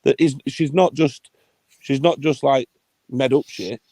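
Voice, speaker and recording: A man's voice: mid-range voice, measured pace, warm tone, no room sound. A man hosting a livestream, ranting in a heated, sweary, blunt way. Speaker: livestream host.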